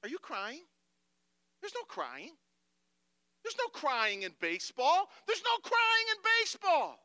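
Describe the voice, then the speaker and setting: A man voicing a furious male baseball manager who shouts at his player in exasperation. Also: sits high, huge pitch swings, measured pace, no echo, clean studio sound, exaggerated voice. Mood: exasperated.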